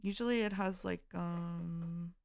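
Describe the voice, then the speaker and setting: A woman streamer chatting casually, recapping slowly with lots of ums and uhs. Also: on the low side, gravelly, a little mellow, dry recording. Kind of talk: casual chat.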